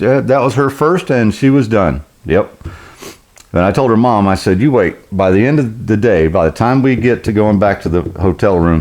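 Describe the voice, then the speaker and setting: A man's voice: fairly low pitch, a little mellow. A middle-aged man telling a rambling, folksy story, chuckling often as he goes. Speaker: vlogger. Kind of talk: casual storytelling.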